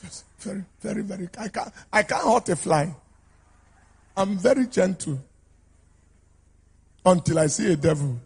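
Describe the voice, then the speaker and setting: A pastor preaching a sermon to a congregation in a declamatory, call-and-response style, urging people to shout amen. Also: male voice, sits high, measured pace, creaky, pauses often, slightly rough. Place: church service with a congregation.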